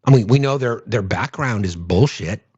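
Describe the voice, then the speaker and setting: Sarcastic man with a lively voice. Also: fairly low pitch, normal speed, husky, no room sound, dull audio. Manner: sarcastic, profane ranting. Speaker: host. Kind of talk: political commentary.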